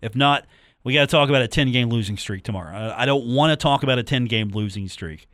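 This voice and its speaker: A man's voice: mid-range voice, fast, a bit bright, dry recording. A man hosting a sports talk radio show, chatting casually and joking with listeners between game talk. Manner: chatty, joking, repeats phone numbers and catchphrases. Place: radio studio. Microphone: studio microphone.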